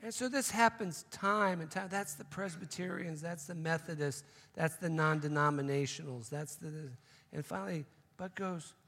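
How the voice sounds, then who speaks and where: A man's voice: on the high side, normal speed, few pauses, a bit bright, in a large hall. A man preaching a sermon, telling a joke story and then making emphatic, repeated points. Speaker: pastor.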